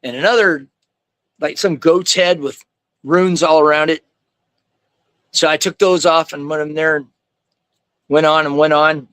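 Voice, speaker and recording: A man's voice: fairly high pitch, steady tone, unhurried, pauses often, a bit bright, clear, resonant tone, no echo. A man telling his faith testimony as a guest, in a rambling, slangy way, often saying "man" and "like". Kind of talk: casual storytelling.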